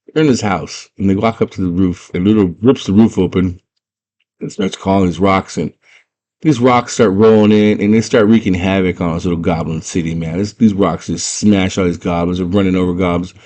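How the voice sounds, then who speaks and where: A young man with a very low voice excitedly retells a movie, piling on slang and side comments as he goes. His delivery is loose and enthusiastic, the style of a casual chat with a friend. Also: brisk. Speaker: movie fan retelling a film.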